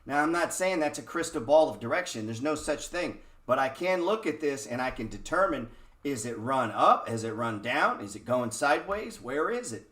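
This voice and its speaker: A man talks through trading charts in a loose, profane way and keeps asking his listeners pointed questions. His voice sits at an ordinary pitch. It carries a roomy echo. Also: lively intonation, moderate pace, a bit bright. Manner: blunt, profane, rhetorical questions. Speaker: trading educator. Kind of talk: casual screen-share market talk.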